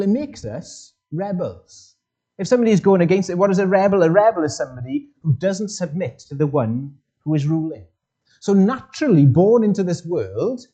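Earnest male preacher, dark muffled sound. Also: husky. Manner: earnest, asks the listeners questions. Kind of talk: sermon. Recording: muffled low-fidelity sound.

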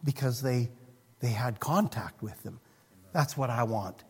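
A man preaching a sermon as pastor, earnest, moving between hushed and emphatic passages. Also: medium pitch, a little slow, husky. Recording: long reverb of a hall.

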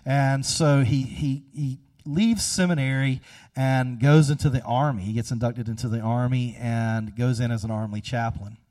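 A man preaching a sermon, telling a story and swinging between hushed, slow passages and loud, emphatic ones. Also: mid-range voice, steady tone, distant mic. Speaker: pastor.

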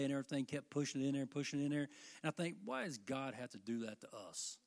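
An older man preaching a sermon to his congregation, with fervent delivery that rises and falls. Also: on the high side. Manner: fervent, rising and falling delivery.

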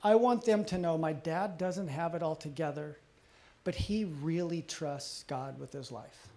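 A middle-aged man preaching a sermon as pastor, earnest and confessional, often dropping soft and low on personal moments. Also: unhurried.

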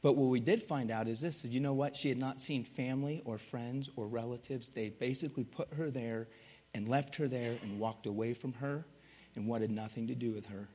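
A man preaching, telling a lively story and acting out the voices, then going quiet to drive the point home. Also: medium pitch, moderate pace, in a large hall. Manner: animated, acts out voices, drops to quiet for the point. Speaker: pastor. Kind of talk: sermon storytelling.

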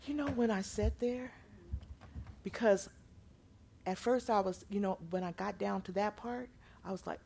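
A woman preaching a sermon, moving from loud proclaiming to quiet storytelling. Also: medium pitch, moderate pace, creaky, long pauses, a little hiss or hum.

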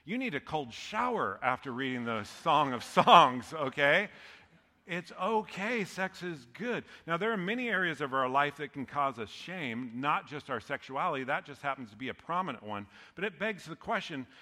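A man's voice: fairly high pitch, very animated, moderate pace, hardly any pauses, sharp tone. A man preaching a sermon as pastor, conversational and joking, often laughing at his own lines. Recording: long hall reverb.

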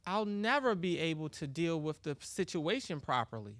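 A man preaching, chatty and easygoing as he delivers his sermon. His voice is bright and his pitch moves animatedly. The sound is dry and close. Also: sing-song, normal speed, dry recording. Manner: conversational, laughs often, acts out quoted exchanges. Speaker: pastor.

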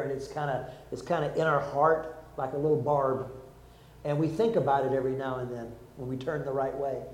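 Lively older man preaching in an echoey hall. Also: a little high, slight background noise. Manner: lively storytelling, acts out quotes. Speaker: preacher, former army chaplain. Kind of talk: sermon with stories.

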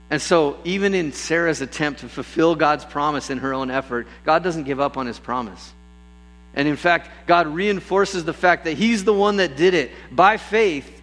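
A man preaching a sermon, telling stories with lively bursts and acting out the people in them. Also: on the high side, low-quality recording. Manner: lively storytelling, acts out voices with bursts of excitement. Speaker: pastor.

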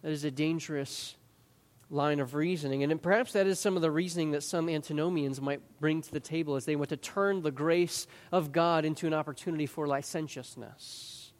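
A man with a notably high voice preaches an expository sermon as pastor. He is earnest and emphatic, doubling words as he restarts a thought. His voice rings with the long reverb of a large church sanctuary. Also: steady tone, fairly quick.

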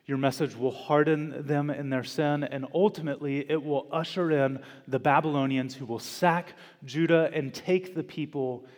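Slow, deliberate male pastor in a reverberant church. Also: mid-range voice, darkish tone. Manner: slow, deliberate preaching with dramatic pauses and emphatic repetition. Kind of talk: sermon. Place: church sanctuary.

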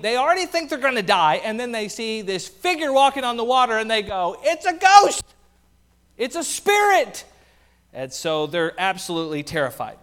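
A pastor delivers a sermon with animated energy, slipping in playful asides. His voice sits high for a man.

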